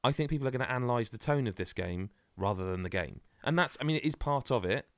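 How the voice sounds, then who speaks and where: A man co-hosting a podcast in casual chat, rambling and animated with many restarts. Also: medium pitch, quick pace, no echo, clean studio sound. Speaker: podcast co-host.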